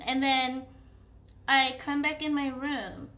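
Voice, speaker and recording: Bright-voiced woman telling a story. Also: sits high, takes it slowly. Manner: animated, with many fillers and acted-out inner dialogue. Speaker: vlogger. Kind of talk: casual storytelling.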